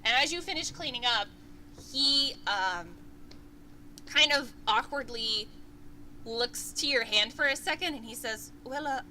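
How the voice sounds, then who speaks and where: A woman narrating as game master of a tabletop game, chatty and animated, with filler words. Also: fairly high pitch, a little slow, a little hiss or hum, low-quality recording.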